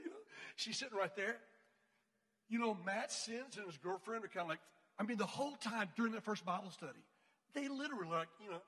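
A man's voice: sits high, animated, fast talker, pushed and bright, husky. A man telling a personal story in casual talk, acting out the voices in it with many fillers. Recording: long hall reverb.

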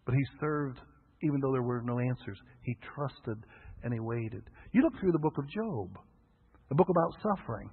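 A man's voice: medium pitch, animated, moderate pace, husky. A man preaching a sermon as a pastor, telling folksy stories and acting out the voices of the people in them. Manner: folksy storytelling, acts out quoted voices. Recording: tinny phone-like radio broadcast.

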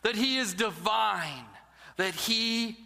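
A man preaching a sermon as a storyteller, who drops to a near-whisper at key moments. His voice sits high and bright. A long church reverb trails each phrase. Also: takes it slowly, creaky. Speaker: pastor.

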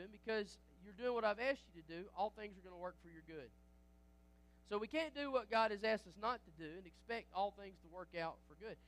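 High-voiced preaching pastor, animated. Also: male voice, brisk. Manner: lively preaching with acted quotes and restarts. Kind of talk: sermon.

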